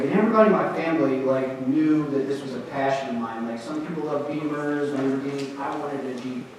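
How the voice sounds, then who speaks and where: A middle-aged man tells loose, rambling stand-up stories from a small theatre stage. His voice sits a little high and jumps up sharply as he lands each bit. He is heard from far off in a hall with a long, echoing ring. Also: slight background noise. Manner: loose, rambling storytelling with punchy rises. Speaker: stand-up comedian and emcee. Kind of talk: stand-up comedy set.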